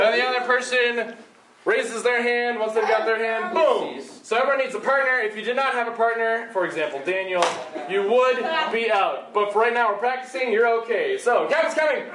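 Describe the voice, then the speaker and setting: A man explaining and leading a group game with playful, energetic commands in a large indoor hall. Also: very high voice. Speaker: youth game leader. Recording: echoey hall, mic at a distance.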